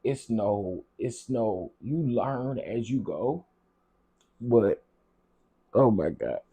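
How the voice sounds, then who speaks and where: Low mellow guy on a livestream, talkin to chat, repeats stuff, gets kinda teary. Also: expressive, drawn-out words, breathy edge. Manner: chatty, greets viewers by name, repeats himself; heartfelt, on the edge of tears at times. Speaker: livestream host reading viewer comments.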